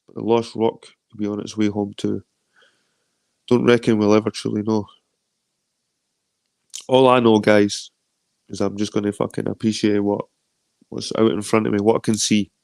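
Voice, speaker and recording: A Scottish man around forty hosts a casual livestream, rambling, swearing freely and greeting viewers as he reads their comments. His fairly low voice has vocal fry and a slightly mellow quality, in a dry recording.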